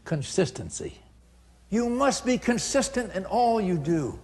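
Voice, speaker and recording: A man's voice: sits high, unhurried. An older man giving a customer service seminar, telling stories with acted-out dialogue and frequent laughter. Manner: animated storyteller, acts out dialogue, laughs often. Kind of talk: storytelling seminar talk.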